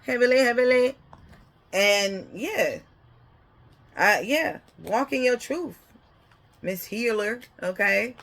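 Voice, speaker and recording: A woman's voice: fairly high pitch, lively intonation, takes it slowly, vocal fry, pauses often, a bit bright. A woman giving a casual, rambling spiritual reading who laughs often and keeps checking in with "okay?". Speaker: spiritual card reader.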